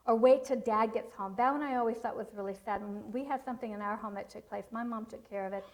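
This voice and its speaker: A woman's voice: fairly high pitch, fairly even intonation, quick pace, poor audio. A middle-aged woman giving a parenting seminar, telling stories and teaching in an earnest way. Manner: earnest, storytelling with acted quotes. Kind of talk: seminar talk with personal stories.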